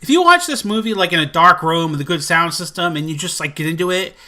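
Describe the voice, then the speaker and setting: A man chatting casually in a collection vlog, rambling and excitable, full of fillers. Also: high voice, quick pace. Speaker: movie collector vlogger.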